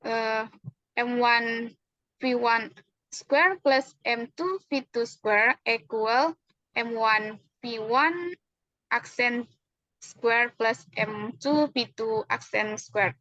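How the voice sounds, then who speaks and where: A university student acting as a physics teacher, a young woman with an Indonesian accent, carefully explains formulas in a classroom manner with frequent hesitations. Her voice is fairly high, slow, and sharp, captured on a dry, dull lo-fi recording with no echo.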